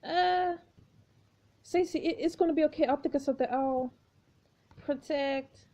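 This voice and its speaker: A desperate young protagonist urges and begs in earnest tones, as a woman voices them. The voice is high and mellow, read aloud from a mobile story game. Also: measured pace. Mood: urgent.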